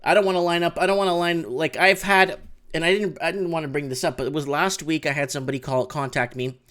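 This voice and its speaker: A man hosting a live call-in show from his home, talking in an animated rant that swings between low mutters and loud outbursts. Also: smooth. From Canada. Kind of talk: excited casual live-stream rant. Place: home room with window open.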